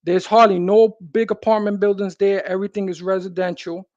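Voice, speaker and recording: New man, high-pitched, emphatic street talker; dry, muffled recording. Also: fairly even intonation, brisk, darkish tone, dry recording. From New York City. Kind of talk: casual conversation.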